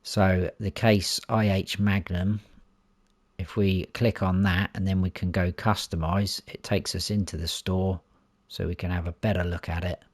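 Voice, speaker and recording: A man's voice: low-pitched, flat delivery, unhurried, no echo. A man, walking through a farming game's menus and reading out each option as he clicks through. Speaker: gaming YouTuber. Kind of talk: console gameplay walkthrough.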